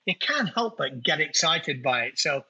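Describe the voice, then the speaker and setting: A man's voice: a little high, sing-song, normal speed, gravelly, sharp tone, slightly rough, rough recording. A middle-aged man from England with a Nottingham accent, chatting colloquially as an interview guest. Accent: Nottingham English. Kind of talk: casual interview chat.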